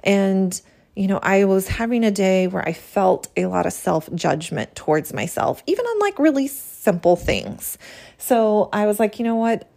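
Female spiritual podcast host, mid pitch, gravelly fry, reflective journal reading. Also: very animated, normal speed, mellow. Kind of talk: reading a healing prayer from her journal.

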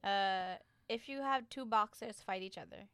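A woman's voice: mid-range voice, moderate pace, fairly bright tone, clear, resonant tone, no room sound. A woman co-hosting a casual podcast chat, playful and giggly, close to the mic. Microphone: close studio mic.

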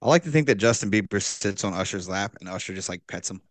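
A man co-hosting a casual, crude comedy chat, deadpan and absurd, his sentences often fading quietly. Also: on the low side, quick pace, no echo. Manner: deadpan, absurd asides, trailing quiet endings.

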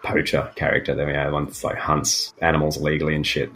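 Very deep-voiced Australian man chatting. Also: completely flat delivery, fast, creaky, fairly bright tone, faint music behind. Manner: rambling, loose, frequent fillers. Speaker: podcast co-host. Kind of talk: casual gaming chat.

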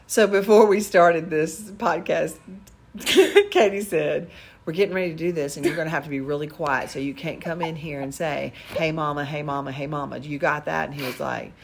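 A woman's voice: low voice, normal speed, a little hiss or hum. A woman co-hosting a podcast, chatting casually and acting out what people said in her stories. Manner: lively storyteller, acts out quotes. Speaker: podcast co-host. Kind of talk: casual chat.

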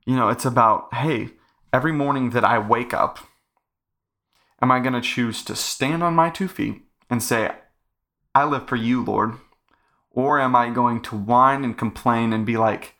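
A man's voice: mid-range voice, normal speed, bright, forceful tone. A young man hosting a casual faith podcast, talking earnestly in a rambling way full of fillers. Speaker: podcast host.

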